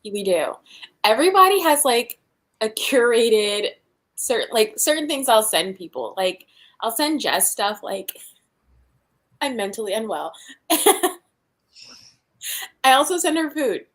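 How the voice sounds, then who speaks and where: A woman chatting casually on a livestream in a relaxed, drawn-out way. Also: on the high side. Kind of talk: casual chat.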